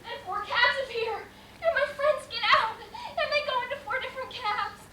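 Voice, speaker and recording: A woman's voice: very high-pitched, normal speed, a little hiss or hum. A woman playing a fragile, dreamy wife. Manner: rambling stage monologue with sudden shouted outbursts. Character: fragile, troubled wife lost in daydreams. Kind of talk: live stage play acting. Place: theater stage. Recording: echoey stage sound, mic far off.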